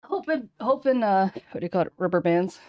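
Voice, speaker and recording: A woman's voice: medium pitch, expressive, brisk, dry recording, dull audio. A woman streamer in casual chat who rambles and gropes for words, with many likes and ums.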